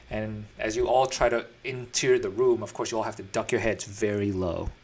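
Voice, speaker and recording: A man's voice: fairly low pitch, level tone, normal speed, hardly any pauses, darkish tone. Rambling male dungeon master. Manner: casual, rambling narration with many fillers. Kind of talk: narrating a tabletop game.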